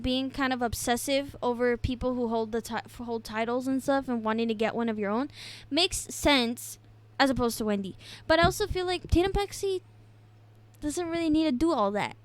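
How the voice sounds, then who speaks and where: A young woman with a slightly high voice talks through a casual podcast recap. She is chatty and giggly and fills her pauses with ums and little hedges. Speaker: podcast co-host. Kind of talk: casual wrestling recap chat.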